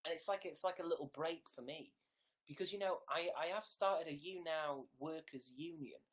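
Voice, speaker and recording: A man's voice: a little high, normal speed. Guy rambling and joking on his livestream, webcam at home, kinda self-mocking. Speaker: livestream host. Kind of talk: casual livestream chat.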